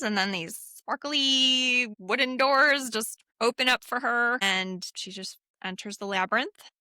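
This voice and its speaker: Middle-aged woman, podcast co-host, lively retelling of film scenes with quick acted-out lines; bright tone, dry close sound. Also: mid-range voice, no echo. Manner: retells scenes acting out lines, laughs often. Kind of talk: casual film rewatch chat.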